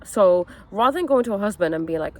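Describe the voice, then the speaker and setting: A young woman telling a personal story in a candid vlog, earnest and animated, peppering her talk with fillers and "okay?" asides. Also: medium pitch, quick pace. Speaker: wellness content creator.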